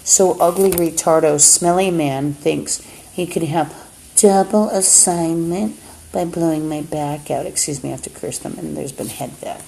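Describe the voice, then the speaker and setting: A woman's voice: low voice, a little slow, vocal fry, dark tone. A woman talking into a phone on a livestream in an agitated, rambling monologue, swearing often. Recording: roomy echo, faint background hum.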